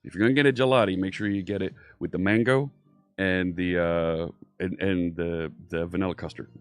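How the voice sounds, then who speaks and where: Deep and smooth, this man's voice moves a little fast with fairly even intonation, and there's no room sound. Broadcasting from his home studio in Philadelphia, USA, he teaches programming in an upbeat, easygoing stream, greeting viewers by name in a light Philly accent as faint synthwave plays.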